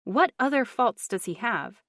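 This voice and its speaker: A woman narrator voicing an eager young newlywed woman who is quick to object. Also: fairly high pitch, sing-song, a bit bright, dry recording, studio quality, pitched above the performer's own voice, full character voice.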